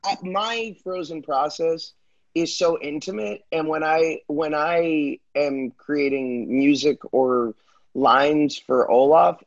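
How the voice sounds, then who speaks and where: A man's voice: on the high side, gravelly, muffled recording. A man, a voice actor, chatting casually on a press panel, joking and self-deprecating.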